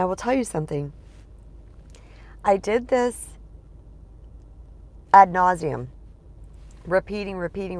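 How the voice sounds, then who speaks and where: A woman's voice: on the low side, darkish tone. A middle-aged woman speaking as a spiritual empowerment coach, talking casually and emphatically to viewers from inside her car, often calling them you guys. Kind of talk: casual monologue to camera.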